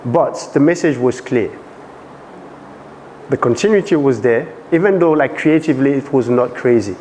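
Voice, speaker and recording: A man with a French accent teaching a dance workshop, animated and often checking that students follow. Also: mid-range voice, normal speed, long reverb tail, slight background noise. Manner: animated, asks frequent check questions.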